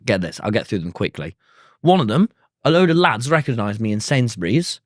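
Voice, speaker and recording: A young British man co-hosting a podcast, telling stories with animated quoted voices. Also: medium pitch, brisk, no echo, clean studio sound. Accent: British English. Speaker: podcast co-host. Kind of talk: casual podcast chat.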